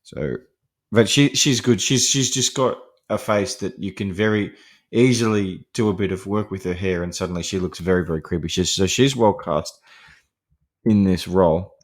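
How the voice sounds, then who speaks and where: A man's voice: low-pitched, normal speed. A man hosting a podcast, talking through a film in a casual, rambling way with many fillers and restarts, laughing lightly between points. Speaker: podcast host discussing horror films.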